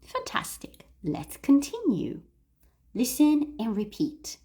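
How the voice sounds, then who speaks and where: A woman teaching English in a livestream, coaching listeners to read aloud and repeat, stressing key words slowly and clearly. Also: mid-range voice, sing-song, darkish tone.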